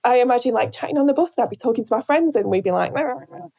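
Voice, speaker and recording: A woman from Northern England with a softened Northern accent, talking reflectively in an interview, searching for words with many pauses and restarts. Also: a little high, expressive, gravelly. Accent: Northern English, softened. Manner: thoughtful, hesitant, many fillers and restarts. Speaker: radio presenter, guest.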